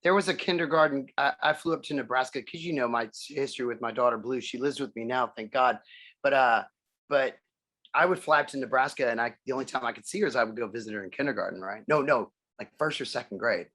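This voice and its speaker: A man's voice: mid-range voice, fast, fairly bright tone. A man chatting casually on a video call, telling rambling stories, laughing often and acting out the voices. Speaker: musician guest.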